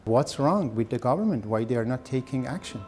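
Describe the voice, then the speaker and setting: A man's voice: medium pitch, expressive, a little fast, darkish tone, soft background music. A man with as his answering interview questions earnestly, with some hesitation.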